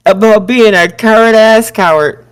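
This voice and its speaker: A woman co-hosting a podcast in casual chat, jokey and quick to banter. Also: medium pitch, smooth. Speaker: podcast co-host.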